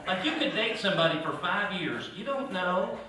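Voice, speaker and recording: A man's voice: sits high, lively intonation, normal speed. Man doing stand-up, echoey and distant. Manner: conversational, with asides to the audience. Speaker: stand-up comedian. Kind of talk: stand-up comedy routine. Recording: echoey, distant, noisy room recording.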